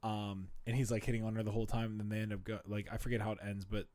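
A man's voice: on the low side, little pitch movement, very fast, a little mellow, no echo. A man in his twenties in a casual podcast chat, rambling laid-back with lots of "like" and "dude". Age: 20s.

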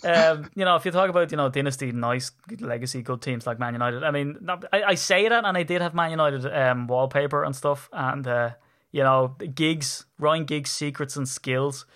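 A man's voice: a little high, normal speed, a bit bright. A man with an Irish accent, hosting a podcast in rambling, jokey casual chat. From Ireland. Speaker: podcast host.

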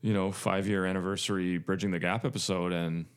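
A man's voice: low voice, level tone, fairly quick, smooth. A man co-hosting a podcast in casual chat, rambling with lots of fillers and jokes. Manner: rambling, filler-heavy, jokey. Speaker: podcast co-host.

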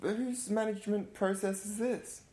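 A man co-hosting a podcast, cutting in with quick questions and reactions. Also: high-pitched, fairly even intonation, dark tone. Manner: interjecting, quick follow-up questions. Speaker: podcast co-host. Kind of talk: casual chat. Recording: echoey room.

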